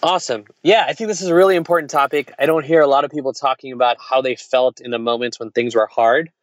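A man's voice: medium pitch, steady tone, quick pace, no room sound. A man who is an entrepreneur tells candid stories in casual conversation, with restarts and quoted dialogue. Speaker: entrepreneur guest.

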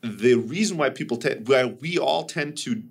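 Give me a man in an easygoing podcast chat whose voice sits mid-pitch. He talks with animated energy and turns emphatic, with the odd swear. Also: moderate pace, gravelly. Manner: animated, swears when emphatic, acts out quoted people. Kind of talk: casual conversation.

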